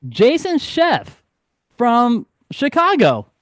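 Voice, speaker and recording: A man's voice: extremely high pitch, huge pitch swings, slow, a bit bright, dry recording, clean studio sound. A man hosting a podcast in casual chat, rambling and correcting himself, laughing easily. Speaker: podcast host.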